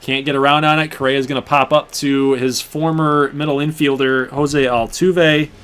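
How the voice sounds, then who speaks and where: Young man, gaming channel host, casual play-by-play commentary, chatty, mid-pitched voice. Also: flat delivery, moderate pace, a bit bright, slight background noise. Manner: chatty play-by-play, talking to viewers while playing.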